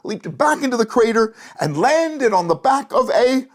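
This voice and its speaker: A storyteller reading a bedtime story aloud in a gentle, animated way, with a gravelly, breathy voice. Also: medium pitch, moderate pace.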